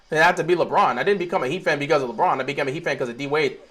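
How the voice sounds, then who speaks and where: A young man hosting a live stream, reacting to a basketball game as he watches it. He swings between quiet mumbling, pleading and sudden shouts. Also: fairly high pitch, very fast.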